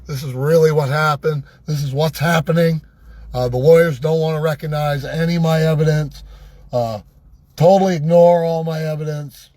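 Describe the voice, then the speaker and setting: A worked-up man ranting sarcastically in a vlog from inside a vehicle, his voice going hoarse. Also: a little high, steady tone, normal speed, a little mellow, no room sound. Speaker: vlogger. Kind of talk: angry ranting monologue.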